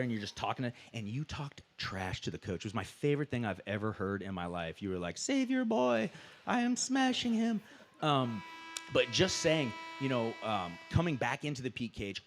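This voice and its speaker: A man's voice: mid-range voice, slight background noise. A man who commentates fights, moderating a press conference and asking fighters questions in a chatty, enthusiastic way with lots of fillers.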